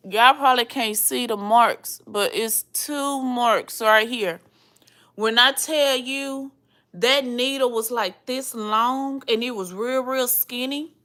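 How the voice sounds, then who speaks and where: Slow-talking woman vlogger. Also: a little high. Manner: animated storytelling, laughs and squeals loudly; slangy, calls viewers y'all and cousin. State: swollen face after surgery. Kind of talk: casual chat to viewers.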